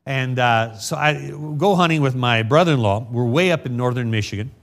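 A middle-aged man preaching a sermon as a pastor, reading scripture slowly and then telling folksy personal stories. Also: mid-range voice, fairly bright tone.

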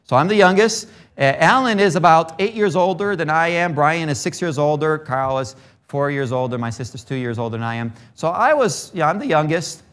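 A man who grew up in Brazil delivers a sermon in a fairly high voice. He tells a story in an easy way, then preaches with growing emphasis. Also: animated, fairly quick, a bit bright, clean tone.

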